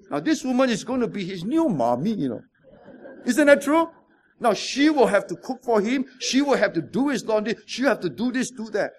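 A man, preaching a sermon with stories, rhetorical questions and emphatic repetition. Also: high-pitched. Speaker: pastor.

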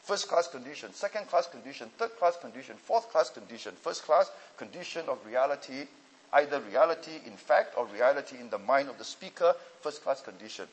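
A man teaching a class on Bible languages and preaching, emphatic and deliberate, often checking in with his listeners. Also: medium pitch, lively intonation, breathy edge, poor audio.

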